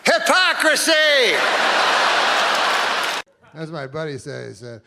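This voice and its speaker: Male stand-up comic, deadpan and halting, slightly high voice, noisy live club recording. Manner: deadpan, halting, with drawn-out pauses. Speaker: stand-up comedian. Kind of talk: stand-up comedy set.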